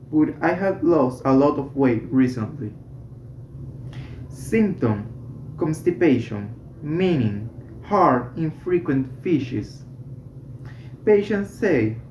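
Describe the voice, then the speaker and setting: A student slowly reading a medical English textbook aloud, correcting small slips along the way. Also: medium pitch, mellow, a little hiss or hum. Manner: slow, careful reading with self-corrections. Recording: roomy, slightly dull home recording.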